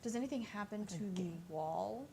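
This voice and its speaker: A woman's voice: medium pitch, expressive, normal speed, gravelly, dark tone, a little hiss or hum. A woman playing a tabletop role-playing game, talking casually and tensely about her character's moves. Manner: chatty, tense in-game reactions. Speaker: player.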